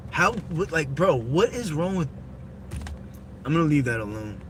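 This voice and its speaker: A man's voice: a little high, expressive, moderate pace, pauses often. A man chatting profanely with his live chat as he drives, recorded on a phone in a moving car. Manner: rambling, profane, reads chat aloud. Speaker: livestreamer. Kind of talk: casual live-stream chat while driving. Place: inside a car while driving. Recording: loud road noise in a moving car.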